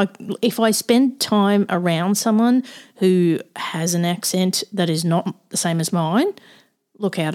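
A woman from Australia hosting a casual chat over a video call, bubbly, laughing often and repeating words. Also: lowish voice.

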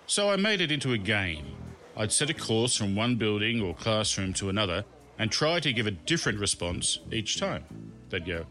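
A man's voice: lowish voice, sing-song, normal speed, sharp tone, soft background music. A man hosting and narrating his own comic memoir in a wry, self-mocking storytelling manner. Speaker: podcast host and narrator.

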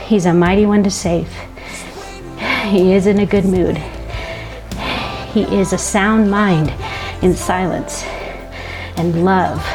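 A woman preaching a sermon in a reflective, earnest way, breaking into soft laughs now and then. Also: mid-range voice.

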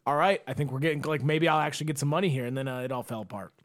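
A man's voice: mid-range voice, rapid-fire. A young man hosting a podcast in casual chat, brash and joking, laughing often. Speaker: podcast host.

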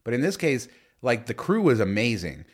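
A man's voice: medium pitch, very animated, moderate pace, husky. A man co-hosting a casual podcast chat, telling stories with many fillers and restarts. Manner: rambling storyteller with many fillers. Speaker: podcast co-host.

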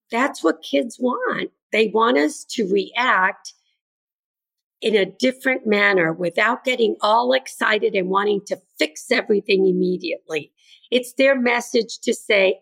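In a conversational interview, an older woman who is both a grandmother and an educator talks earnestly, dramatizing what kids and parents say. Her medium-pitched voice is unhurried, creaky and fairly bright, with lively intonation.

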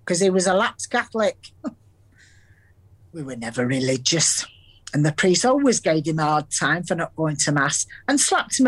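An actress playing an older Salford grandmother with a Salford accent, who tells earthy stories from the past with plenty of laughs. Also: fairly low pitch. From Salford, England. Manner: storytelling, earthy, quick to laugh. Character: warm chatty Salford grandmother with dementia.

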